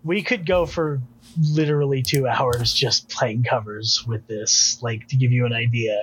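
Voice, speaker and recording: A man's voice: medium pitch, steady tone, unhurried, fairly bright tone, a little hiss or hum, poor audio. A man co-hosting a podcast, chatting casually about music in a rambling, jokey way with many restarts. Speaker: podcast co-host.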